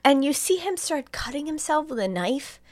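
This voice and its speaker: A woman's voice: high voice, normal speed, no room sound. Giggly woman retelling a movie, dry sound. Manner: animated, giggly storyteller, swears casually. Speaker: podcast co-host retelling a movie plot. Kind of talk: casual chat.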